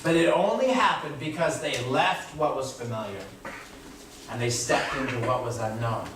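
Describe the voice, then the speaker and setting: A man's voice: medium pitch, moderate pace. A middle-aged man from California preaching a sermon as a pastor, talking conversationally and tagging phrases with "right?" and "you know?". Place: church sanctuary. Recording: echoey hall from far off with room noise.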